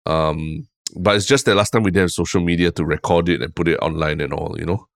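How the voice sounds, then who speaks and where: A man with a deep, low voice and a Singaporean English accent, co-hosting a casual podcast chat. He tells stories in a relaxed, rambling way and drops "lah" often. The sound is close and dry. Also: fast, creaky, no echo. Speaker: podcast co-host.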